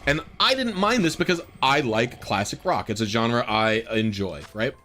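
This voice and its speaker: Speaking at a normal speed, this man has a medium-pitched voice that sounds pushed and bright, with lively intonation and slight background noise. He rambles casually through a story while streaming a game, filling it with fillers and exasperated remarks.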